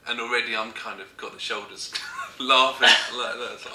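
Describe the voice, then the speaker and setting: Bloke telling a funny story, giggly, echoey room, faint hum behind. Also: male voice, medium pitch, fairly even intonation, normal speed, hardly any pauses. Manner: giggly, keeps breaking into laughter. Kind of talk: casual comic storytelling.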